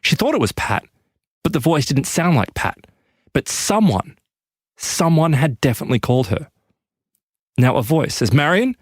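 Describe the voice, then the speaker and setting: A man's voice: very animated, moderate pace, long pauses, husky, no echo, clean studio sound. A man hosting a podcast, narrating an eerie story with dramatic emphasis. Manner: dramatic, emphatic pitch lifts. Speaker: podcast host.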